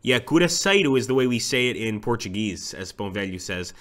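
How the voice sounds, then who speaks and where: A man's voice: lowish voice, brisk. Man giving chatty gameplay commentary. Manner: chatty, reacts excitedly to the game and reads chat aloud. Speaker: streamer playing a strategy game.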